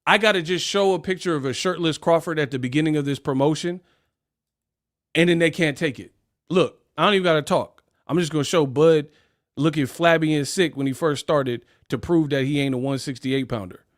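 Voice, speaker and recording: A man's voice: on the high side, brisk. A man hosting a casual livestream rant, talking in slang and laughing off his critics in a mocking, dismissive way. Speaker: livestream host.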